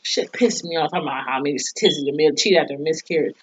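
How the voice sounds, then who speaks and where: A woman with a low, quick, breathy voice reviews a TV episode in a casual vlog. She rants heatedly, swearing and tossing in sarcastic asides, over dull lo-fi sound.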